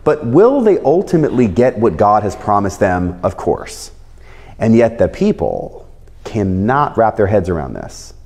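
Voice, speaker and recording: A man's voice: fairly low pitch, very animated, a little slow, darkish tone. A man teaching a Bible passage in a conversational way, explaining it through everyday examples. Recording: long hall reverb.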